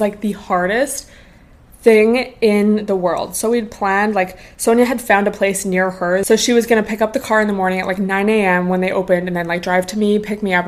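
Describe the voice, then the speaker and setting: A woman in her twenties hosting a podcast, telling a casual storytime with lots of slang and swearing. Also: mid-range voice. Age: 20s. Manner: slangy, animated, swears freely. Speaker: podcast host.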